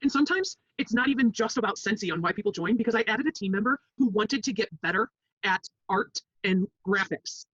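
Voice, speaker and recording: Fast-talking, husky-voiced saleswoman. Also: mid-range voice, animated, fairly bright tone, muffled recording. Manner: upbeat, persuasive. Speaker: direct sales seller. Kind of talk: motivational sales talk.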